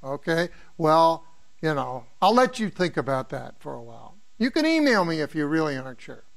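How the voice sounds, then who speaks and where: A man's voice: fairly high pitch, big pitch swings, normal speed, creaky. An older man from the Midwest giving an informal exam review lecture as a neuroanatomy professor, rambling through anecdotes and posing questions to students. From American Midwest.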